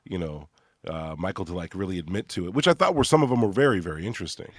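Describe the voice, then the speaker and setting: A man hosting a podcast, speaking softly and hesitantly with many fillers. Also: sits low, lively intonation, fast talker, dry recording, clean studio sound. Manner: soft-spoken, hesitant with fillers. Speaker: podcast host. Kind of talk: casual podcast conversation.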